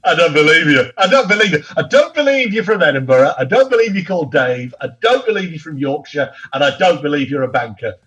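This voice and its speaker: A man's voice: on the high side, fast, hardly any pauses, low-quality recording. A middle-aged man hosting a mock phone-in quiz with camp, teasing, theatrical banter. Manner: animated, teasing, exclaims loudly.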